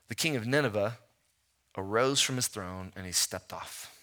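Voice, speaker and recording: Pastor, man, 30s: bright sermon voice, rhetorical questions, lively storytelling. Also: on the low side, moderate pace.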